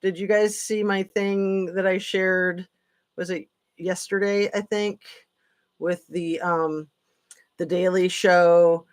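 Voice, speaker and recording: A woman hosting a live stream, rambling and sarcastic with lots of fillers, tired late at night. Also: lowish voice. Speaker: political commentary channel host. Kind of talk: casual live-stream commentary.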